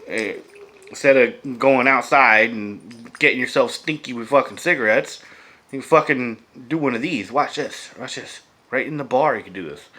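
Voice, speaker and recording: A man casually chatting to camera as a vlogger, loose, profane and enthusiastic, often dropping to a hush. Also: lowish voice. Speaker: vlogger reviewing beer and vape pairings.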